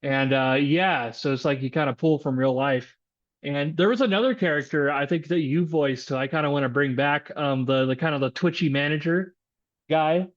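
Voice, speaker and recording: A man's voice: a little high, moderate pace, muffled recording. A man who is a voice actor chatting casually on a podcast, loose and laughing easily.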